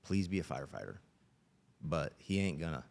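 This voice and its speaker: Man, middle-aged, extremely low voice, earnest plain-spoken storytelling, police officer guest. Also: very animated, a little fast, vocal fry. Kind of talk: podcast interview storytelling.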